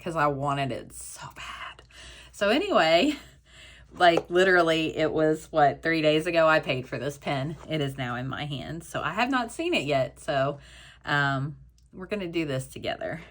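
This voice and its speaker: Woman doing a chatty unboxing vlog, kinda low voice, slow, gets all gushy and breathless. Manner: gushing, emotional, breathless exclamations; chatty storytelling. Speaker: stationery YouTuber. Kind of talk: casual haul vlog, unboxing.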